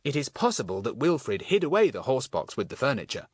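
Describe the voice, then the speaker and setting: A man reading an audiobook, voicing an eager, bossy schoolboy detective in a brisk, confident manner. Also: mid-range voice, very animated, slightly rough, no room sound, pitched above the performer's own voice. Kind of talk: audiobook character voice.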